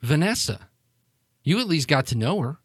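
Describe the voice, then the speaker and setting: A man's voice: on the high side, sing-song, normal speed, breathy edge, no room sound, studio quality. A man playing a glib, bitter long-lost sister. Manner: casual, offhand, swearing.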